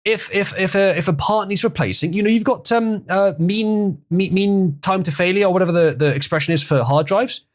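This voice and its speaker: A man's voice: high voice, normal speed, few pauses. A man hosting a livestream, chatting casually, reading chat messages and laughing often. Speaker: livestream host.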